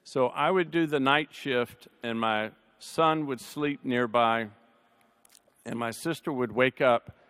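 A man speaking on a panel, telling a personal family story in a conversational way, with dry humor, his voice softening at the sad moments. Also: medium pitch, slow pace, clear, resonant tone. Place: large chapel. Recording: long reverb of a large hall.

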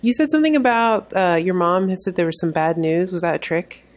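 A woman's voice: on the low side, animated, fairly quick. A woman co-hosting a podcast, chatting with a guest in a playful, easygoing way. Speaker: podcast co-host. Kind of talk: casual interview chat.

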